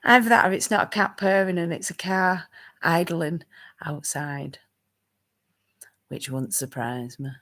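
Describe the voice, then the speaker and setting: A woman's voice: on the low side, a little slow, pauses often, a bit bright. A woman hosting a casual crafting live stream, chatting with viewers and laughing often.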